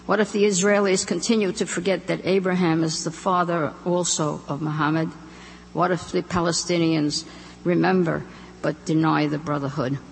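A woman reads her own poems and stories before a live audience in a measured, deliberate voice with a gravelly edge. The sound carries a long hall echo with a faint hum behind it. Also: lowish voice, steady tone. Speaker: author reading her work. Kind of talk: live poetry and story reading.

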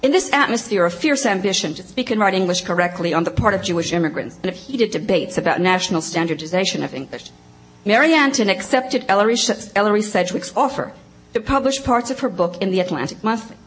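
Woman, panel speaker, reading a prepared academic paper, measured and precise, faint background hum. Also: mid-range voice, lively intonation, poor audio.

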